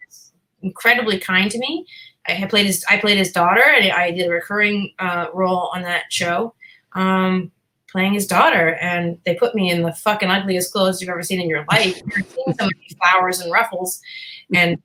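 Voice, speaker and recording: Bright-voiced chatty woman from Boston. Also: fairly low pitch, fairly even intonation, moderate pace, low-quality recording. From Boston, USA. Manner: chatty, self-deprecating, swears casually. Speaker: actress guest. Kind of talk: casual interview chat.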